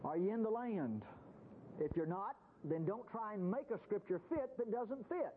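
A man's voice: sits high, animated, normal speed. A man preaching a Bible-teaching sermon in a folksy, conversational way. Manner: folksy, conversational, acts out quotes in voices. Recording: tinny phone-like radio broadcast with faint hiss.

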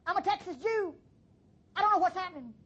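A woman voicing an excited, bewildered worshipper at the temple who fires off flustered questions. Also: extremely high pitch, quick pace, dull audio, voice pushed up.

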